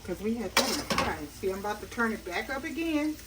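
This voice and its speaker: At a hot stove in her home kitchen, a woman with a slightly high, lively voice hosts a cooking channel, talking briskly and folksily and laughing as she demonstrates a dish. The mic is distant and heavy background noise comes from loud frying sizzle.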